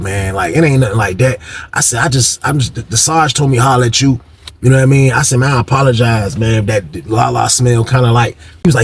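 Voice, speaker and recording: Gravelly young man telling a story. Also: mid-range voice, rapid-fire. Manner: animated, slangy, acts out quotes. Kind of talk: casual storytelling.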